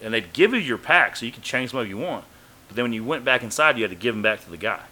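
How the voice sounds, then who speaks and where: Talking fast at a medium pitch, this man relates a podcast story with plenty of swearing. He gets animated, performing the other people's lines in their own voices.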